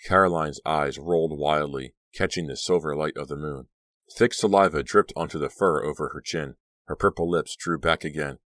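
A man with an extremely deep voice narrates a horror audiobook. His reading is steady and dramatic. The sound is dry and close-miked, with almost no room echo. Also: normal speed.

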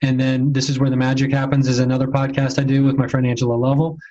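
A man guesting on a podcast, talking offhandedly with rushed asides, over muffled lo-fi audio. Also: medium pitch, level tone, mellow. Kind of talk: casual podcast interview.

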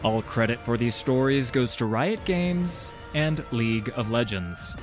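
A man's voice: mid-range voice, lively intonation, a little slow, over music. A man giving a friendly channel sign-off and credits in an upbeat way. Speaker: channel host. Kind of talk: outro announcement.

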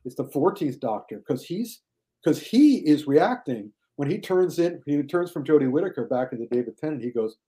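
Animated older man chatting, mellow tone. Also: moderate pace. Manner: animated, mocks critics in high shouted voices. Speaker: guest film critic. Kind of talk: casual podcast chat.

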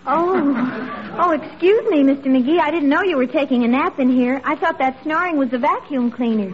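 A woman's voice: high-pitched, moderate pace, close to an everyday voice. An actress playing a naive, scatterbrained young woman who speaks breathily and innocently, in 1940s radio comedy style. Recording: muffled old radio broadcast with audience.

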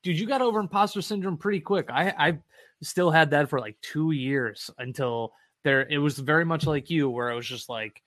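A man co-hosts a casual real estate podcast, animated and candid, acting out his past self and swearing freely. His pitch is fairly high, his speed normal, and there's no echo.

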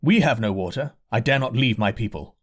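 A man voicing a steady young man who answers calmly and firmly while guarding his companions. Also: mid-range voice, brisk, natural voice.

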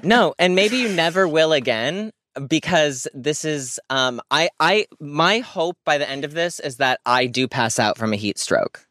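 A young man, a guest talking from inside a parked car, joking in a quick-witted, self-deprecating way. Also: a little high, expressive, sharp tone, no echo. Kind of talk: casual comedic interview chat.

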